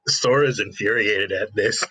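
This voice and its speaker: A man playing a tabletop game, asking quick, scheming questions. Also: fairly low pitch, sharp tone, slightly rough, low-quality recording. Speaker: player. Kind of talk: casual tabletop play.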